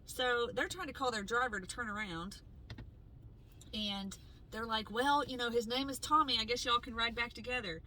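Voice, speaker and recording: Lively, bright-voiced woman telling a story. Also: on the high side, normal speed, slight background noise, poor audio. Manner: animated, acts out quoted voices, swears freely. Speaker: podcast co-host. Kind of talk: casual storytelling chat.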